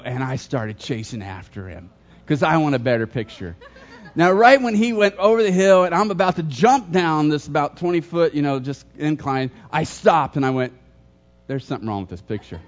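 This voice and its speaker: A middle-aged man preaching a sermon as pastor, telling stories with humor and asking the congregation questions. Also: a little high. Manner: storytelling, jokes and questions to the congregation. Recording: dull lo-fi sermon recording.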